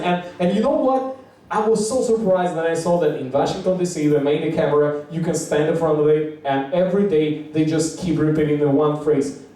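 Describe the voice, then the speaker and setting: Man doing rambling open-mic stand-up, swearing a lot, slightly high voice, echoey room heard from far off. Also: warm tone. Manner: rambling, profane, acts out quotes in high voices. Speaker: stand-up comedian. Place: small comedy bar.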